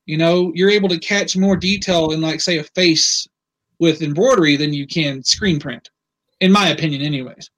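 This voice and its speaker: A man's voice: fairly high pitch, moderate pace, rough recording. A man being interviewed about his embroidery work, talking casually and telling stories with lots of "you know". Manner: relaxed storyteller with frequent "you know". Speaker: guest embroiderer.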